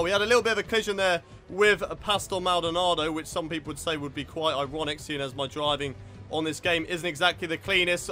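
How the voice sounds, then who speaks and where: A young man narrates his racing game lap by lap. His voice sits high and bright, and he grows frustrated and swears when things go wrong. Faint game music plays behind him. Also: steady tone, fast. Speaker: gaming video host. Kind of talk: live racing game commentary.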